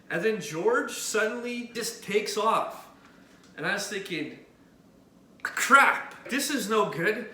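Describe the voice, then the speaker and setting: A man from Canada telling a personal story on camera in an animated way, pointing out where things happened. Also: high voice. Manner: animated, points out spots as he tells it. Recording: echoey room with faint noise.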